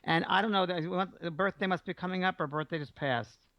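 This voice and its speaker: A man hosting a radio call-in show as a psychic medium, giving a caller warm, reassuring messages. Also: sits high, brisk, dry recording. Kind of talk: call-in reading. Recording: dull lo-fi broadcast audio.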